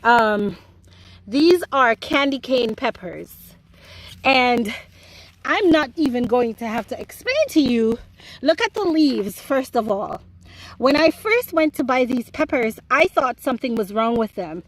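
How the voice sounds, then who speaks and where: A woman's voice: fairly high pitch, lively intonation, a little slow, low-quality recording. A woman with a Jamaican accent giving a chatty, playful tour of her home garden. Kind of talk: casual garden tour vlog.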